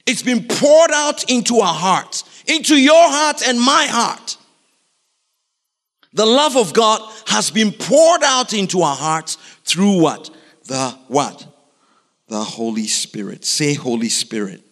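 A man preaching a sermon in a lively, animated way, constantly putting questions to his congregation, in a church. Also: high voice, slow. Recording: reverberant hall.

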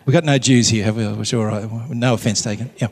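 A man giving a live faith talk, a relaxed and jokey storyteller speaking to an audience in a large hall. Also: lowish voice, brisk. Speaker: Catholic speaker. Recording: long hall reverb.

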